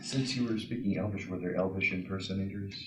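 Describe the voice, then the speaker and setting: A man interviewing actors at a press junket, asking halting, joking questions. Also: deep voice, steady tone, crowd noise.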